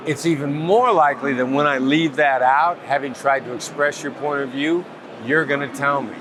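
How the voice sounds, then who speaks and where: A man being interviewed as a negotiation expert, explaining in a calm, measured, patient way. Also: medium pitch, background noise. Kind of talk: interview answers. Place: outdoors at a summit event.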